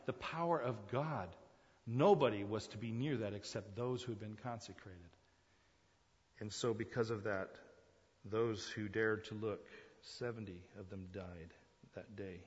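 A man preaching a sermon as pastor, shifting from hushed, low lines to loud, high exclamations, with chuckles and restarts. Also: takes it slowly. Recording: dull reverberant hall sound.

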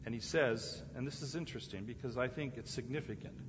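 Emphatic preacher in an echoing church. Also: male voice, medium pitch, quick pace, noisy background. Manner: emphatic, repeats key phrases, rising and dropping dramatically. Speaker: pastor. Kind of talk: sermon. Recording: echoey church hall, dull lo-fi sound.

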